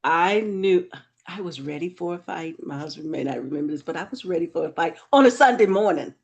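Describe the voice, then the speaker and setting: A woman with a lowish voice hosts a casual conversation. She tells stories with lots of energy, and her pitch leaps up when she is excited. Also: fairly quick, muffled recording. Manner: animated storyteller, voice jumps up when excited. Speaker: host. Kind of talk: casual chat.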